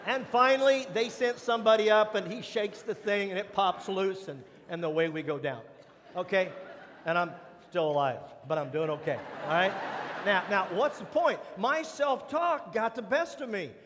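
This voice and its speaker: A male pastor with a high voice delivers a sermon from a big church hall, where his words ring out with a long reverb. He tells stories on himself with easy humor. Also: moderate pace, a bit bright, a little hiss or hum. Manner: humorous, self-deprecating storyteller. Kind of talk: sermon with personal storytelling.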